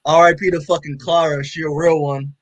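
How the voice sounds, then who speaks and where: A man's voice: on the high side, little pitch movement, a little fast, no echo, rough recording. A man on a podcast, recapping a comic in a loose, rambling way, full of fillers and swearing. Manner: rambling, profane, heavy with fillers. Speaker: podcast co-host. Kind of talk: casual chat recapping a comic.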